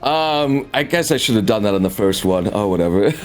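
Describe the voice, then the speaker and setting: A man playing a tabletop game in casual chat, excitable and laughing, swearing freely. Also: mid-range voice, measured pace, soft background music. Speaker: player.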